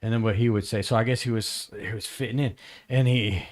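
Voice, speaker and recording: Man, low voice, rambling, halting, lots of fillers. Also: fairly even intonation, a little mellow. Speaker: podcast host. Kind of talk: casual storytelling chat.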